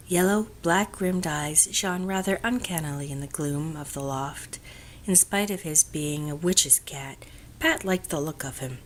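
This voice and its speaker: A woman narrating an audiobook of a classic novel in a gentle, measured storytelling voice that often drops to a hush. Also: fairly low pitch, a little hiss or hum.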